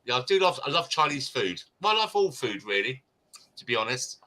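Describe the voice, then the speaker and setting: A man's voice: medium pitch, very animated, a little fast, pushed and bright. A man from the United Kingdom in casual group chat, talking in a rambling way with frequent restarts. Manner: chatty, rambling with many restarts.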